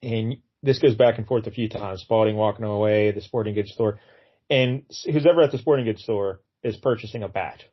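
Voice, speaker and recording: A man's voice: fairly low pitch, a little fast, breathy edge, muffled recording. A man casually retelling a comic book story as a podcast co-host, acting out the characters' lines in funny voices. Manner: animated, acts out quotes in funny voices.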